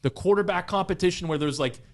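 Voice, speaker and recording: A young man co-hosting a podcast, talking in a casual, animated, rambling way and filling his speech with "like". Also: high-pitched, fast talker. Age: young adult. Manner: animated, rambling, heavy use of "like". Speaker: podcast co-host. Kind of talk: casual chat.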